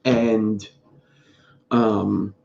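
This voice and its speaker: A man with a low, dark, gravelly voice rambles through a casual live stream and calls out chat viewers by name. The sound is dull and lo-fi, with a roomy echo behind him. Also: flat delivery, extremely slow. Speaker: vape reviewer streaming live. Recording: dull lo-fi sound in an echoey room.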